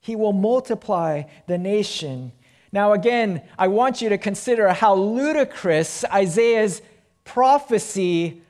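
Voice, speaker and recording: A male pastor delivering a sermon in a slightly raised voice. He speaks slowly and leans on single words, building up loud and then dropping soft. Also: sits high. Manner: slow, emphatic preaching with swells and drops in volume.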